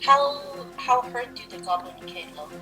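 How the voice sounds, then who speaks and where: A woman playing a tabletop game, speaking in a slow, deliberate way. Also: on the high side, huge pitch swings, bright, forceful tone, faint music behind. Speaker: player.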